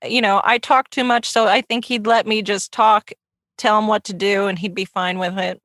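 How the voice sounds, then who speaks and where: A woman's voice: medium pitch, steady tone, moderate pace, fairly bright tone, dry recording, clean studio sound. A woman chatting casually as a podcast guest, giggly and self-mocking. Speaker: guest cohost.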